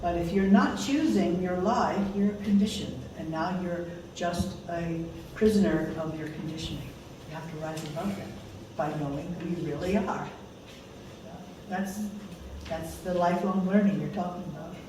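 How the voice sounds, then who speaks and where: A woman's voice: lowish voice, moderate pace, background noise. Older woman teaching in an echoey room. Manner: warm, laughing, conversational teaching. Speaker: course teacher. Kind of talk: informal talk to a small group. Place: conference room. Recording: echoey room, mic far off.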